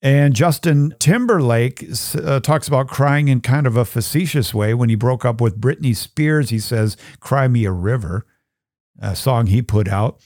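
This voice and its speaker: Middle-aged male podcast host from Minnesota, folksy and chatty, mellow voice, dry close sound. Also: mid-range voice, moderate pace, few pauses, no room sound. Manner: chatty, folksy, animated asides. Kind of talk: casual Catholic teaching talk.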